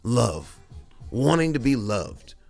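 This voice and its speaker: A man's voice: medium pitch, big pitch swings, takes it slowly, creaky, a little mellow, soft background music. A man and father, hosting a podcast, talking in a candid, profane, rambling monologue with many restarts. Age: adult with children. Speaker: podcast host.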